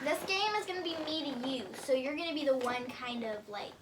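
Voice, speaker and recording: A woman's voice: high voice, lively intonation, fairly quick, far from the mic. A young woman hosting a casual podcast, bubbly and giggly, bossy as she runs a guessing game. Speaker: podcast host. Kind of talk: casual chat, game quizzing. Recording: faint noise, a bit off mic.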